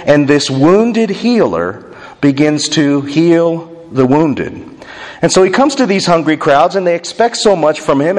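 Male pastor, sermon, somewhat high voice, long hall reverb, slows and drops quiet for emphasis. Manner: expository, drops low and quiet on key words, slows for emphasis.

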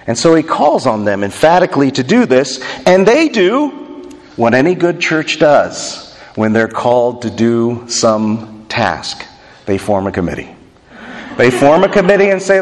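Man preaching in a reverberant hall. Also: lively intonation. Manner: expository, drops low and quiet on key words, slows for emphasis. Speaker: pastor. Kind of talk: sermon. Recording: long reverb of a large hall.

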